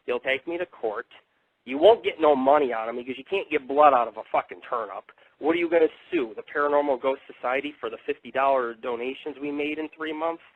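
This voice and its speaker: A man's voice: mid-range voice, big pitch swings, fairly quick, gravelly, no room sound. A man hosting a live internet radio show, talking in a rambling, profane, combative monologue. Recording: tinny phone-like dry audio.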